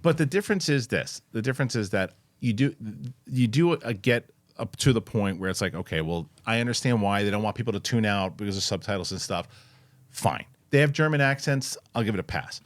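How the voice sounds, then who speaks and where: Rambling low-voiced man chatting on a show. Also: a little fast, no echo. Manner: rambling, animated, many restarts and fillers. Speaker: host. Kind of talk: casual chat.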